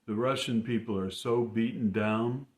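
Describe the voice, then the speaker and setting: A man voicing a grim, matter-of-fact Russian man in an earnest, halting way, repeating words as he explains. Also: lowish voice, steady tone, natural voice. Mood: earnest explaining. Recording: roomy echo.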